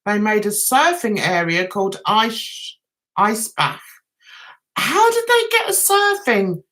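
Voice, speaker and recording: A middle-aged London woman with a London accent hosts a casual livestream, greeting viewers by name and reading their comments aloud. Her mid-range voice is fairly bright, moves slowly, and swings widely in pitch.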